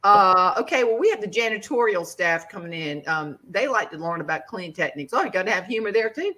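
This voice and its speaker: A middle-aged woman, hosting a casual chat and telling lively stories, laughing often and acting out the people she quotes. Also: medium pitch, brisk. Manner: animated, laughing, acts out quoted voices. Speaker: podcast host.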